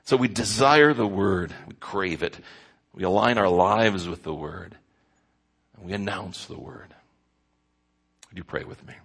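Gravelly low-voiced man preaching. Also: a little slow, long pauses, fairly bright tone. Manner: earnest preaching with repeated phrases. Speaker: pastor. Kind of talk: sermon.

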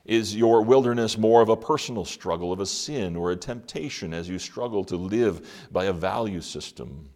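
Deep-voiced man preaching a sermon. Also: a little mellow. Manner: dramatic pauses, rhetorical questions.

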